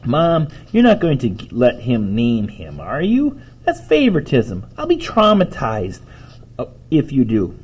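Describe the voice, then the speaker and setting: A man voicing a sulky, sarcastic older boy while reading a storybook aloud, in a husky voice. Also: medium pitch, sing-song, moderate pace, few pauses. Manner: complaining, sarcastic.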